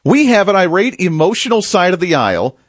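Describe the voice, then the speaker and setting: A man's voice: sits high, big pitch swings, a little fast, no echo, clean studio sound. A man hosting a political talk show, commenting in a casual, mocking way. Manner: chatty, mocking, laughs at clips.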